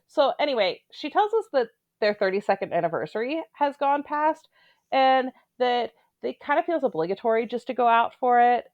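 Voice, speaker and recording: A woman's voice: on the high side, lively intonation, normal speed, darkish tone, no echo, muffled recording. A woman giving casual, opinionated commentary on a reality show, with blunt, sarcastic asides.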